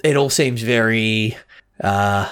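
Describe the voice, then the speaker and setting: A man's voice: lowish voice, slow pace, a bit bright, clean tone. A man co-hosting a podcast in casual chat, rambling with frequent restarts and tangents. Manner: rambling, restarts a lot, chatty with lore tangents. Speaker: podcast co-host.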